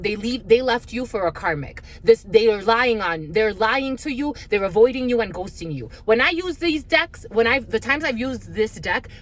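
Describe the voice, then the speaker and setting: A woman's voice: fairly high pitch, slight background noise. A woman giving a spiritual card reading in a blunt, profane, heated rant. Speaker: tarot reader.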